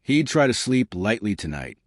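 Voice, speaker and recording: A man narrating a horror story in a measured storytelling manner. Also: fairly low pitch, very animated, no echo, studio quality.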